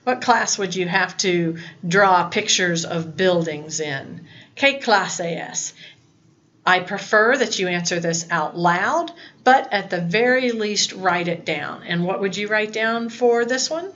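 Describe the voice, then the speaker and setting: A woman's voice: mid-range voice, slow, a bit bright, lo-fi sound, a little hiss or hum. A woman teaching a recorded lesson to her students in a patient, explaining way. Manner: patient, talks to students, mixes English and Spanish prompts. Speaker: Spanish teacher.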